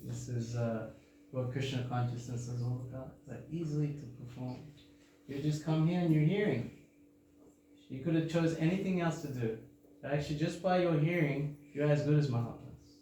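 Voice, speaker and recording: A man from Australia with an Australian accent softened toward American, giving an informal, joking sermon to a temple audience and laughing often. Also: fairly high pitch, moderate pace. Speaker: temple speaker giving a scripture class. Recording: very echoey hall, faint background hum.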